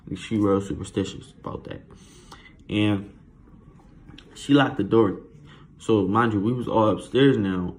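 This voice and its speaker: A man telling a childhood story in a casual, slangy, animated way. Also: on the low side.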